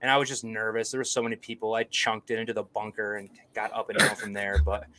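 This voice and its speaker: A young man co-hosting a casual golf podcast, telling stories in an excitable way, swearing freely and acting out what people said. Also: fairly low pitch, fast talker. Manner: excitable storyteller, swears freely, acts out quotes. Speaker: podcast co-host.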